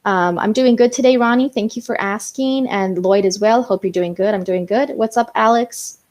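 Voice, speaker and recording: A woman's voice: medium pitch, moderate pace, a little mellow. A young woman hosting a casual live stream, chatting with viewers and reading out their comments, with lots of "um" and "you know". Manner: chatty, reads out viewer comments, many fillers.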